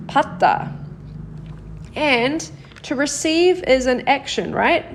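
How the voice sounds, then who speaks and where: A woman teaching a live-streamed grammar lesson, patient and encouraging, praising viewers by name and slowing down to model example sentences. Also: high voice. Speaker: Korean language teacher.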